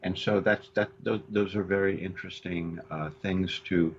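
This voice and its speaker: A male co-host on a counseling radio show, speaking haltingly with many restarts. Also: deep voice, steady tone. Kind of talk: radio talk show discussion. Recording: dull lo-fi radio audio with faint hiss.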